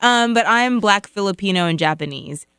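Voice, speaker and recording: A woman who is a regular on a sports podcast, reading a sports segment and chatting in a lively way. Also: medium pitch, moderate pace, clean tone, no echo, studio quality. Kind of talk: sports news segment and casual chat.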